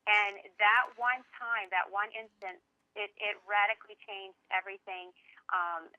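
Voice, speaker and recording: A woman's voice: medium pitch, steady tone, unhurried, no room sound. A woman calling in to a radio show and speaking candidly and emotionally, with a lot of "like" as filler. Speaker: caller. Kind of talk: phone-in radio chat. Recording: muffled phone line.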